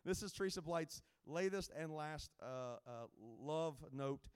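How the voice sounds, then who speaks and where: A man's voice: a little high, measured pace, smooth. A man speaking as a guest evangelist, giving a jokey, rambling informal sermon to a camp with many restarts.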